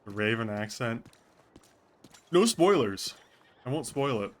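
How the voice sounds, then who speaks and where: A male streamer talks loosely to his viewers between role-play moments, musing out loud and dropping curses as he goes. His voice sits at an ordinary middle pitch. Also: sing-song, unhurried. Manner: chatty, swears freely, thinks aloud. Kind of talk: casual out-of-character chat with viewers.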